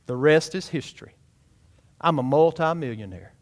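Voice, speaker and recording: A man's voice: a little high, moderate pace, long reverb tail, voice pushed down, close to an everyday voice. Old rich man, seventies, proud and pleased with himself, put on by a preacher mid-sermon. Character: proud old male millionaire in his seventies.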